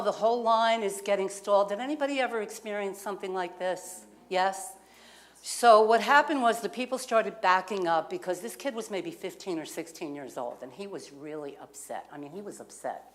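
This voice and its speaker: A woman minister preaches in a community center lounge with a mid-range voice at normal speed. She recounts a personal story in a conversational way and asks the congregation questions.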